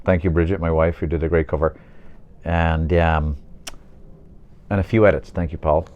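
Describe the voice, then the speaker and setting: A man's voice: low-pitched, steady tone, moderate pace, darkish tone, lo-fi sound. A man reading aloud from his own novel, stopping now and then for chatty asides. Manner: chatty, breaks off to comment on his own text. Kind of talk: informal audiobook reading with asides.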